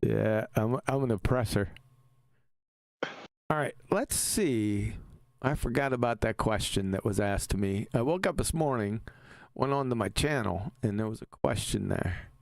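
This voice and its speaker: A man's voice: fairly low pitch, measured pace, vocal fry, dry recording. A man hosting a casual live stream, talking in an emphatic, argumentative way and laughing easily.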